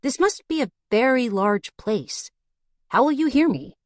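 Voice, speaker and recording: A woman's voice: on the high side, lively intonation, measured pace, dry recording, pitched above the performer's own voice. A woman reading a wisecracking young woman. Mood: wry. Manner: casual, wry and questioning.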